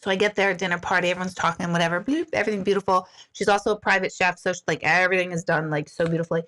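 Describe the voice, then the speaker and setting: A woman who works as a medium tells a story casually to viewers. She talks in an animated way, laughs often and fills her talk with "like" and "right?". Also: lowish voice, rapid-fire.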